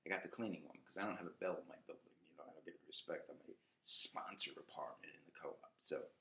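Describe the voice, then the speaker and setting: A man's voice: very deep voice, quick pace, vocal fry, sharp tone, a little hiss or hum. A man, hosting a rambling podcast monologue, ranting with profanity and frequent laughter. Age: 50s. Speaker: podcast host.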